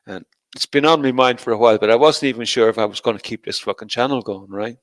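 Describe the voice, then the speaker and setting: A man's voice: mid-range voice, fast, dry recording. A middle-aged man hosts a loose, casual livestream and talks straight to the people in his chat. He swears freely and laughs often as he rambles. His voice sits in an ordinary middle register and sounds dry and close to the mic. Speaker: livestream host.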